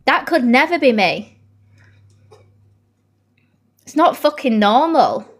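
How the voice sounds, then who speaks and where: A woman's voice: high voice, big pitch swings, slow. A woman with a British accent ranting angrily on a live stream, swearing bluntly and answering her viewers' comments. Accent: British English. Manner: blunt, heated, swears often; addresses her viewers and reads their comments.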